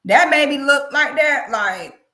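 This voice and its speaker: A woman's voice: sits high, unhurried. A woman hosting a casual commentary livestream, talking emphatically and often asking "okay?". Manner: animated, emphatic, repeats "okay?". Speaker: commentary channel host. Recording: echoey room.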